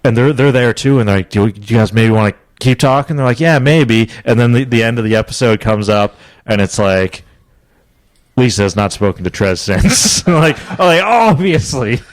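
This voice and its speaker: A young man co-hosting a podcast, telling a long rambling story in casual chat, breaking into laughs and high squeaky voices for the people he quotes. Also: a little fast, no echo. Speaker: podcast co-host.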